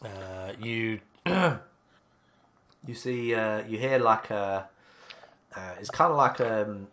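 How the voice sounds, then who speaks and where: A man's voice: fairly low pitch, animated, extremely slow, a bit bright, slight background noise. A man narrating a tabletop game as game master, hesitant and full of ums and likes.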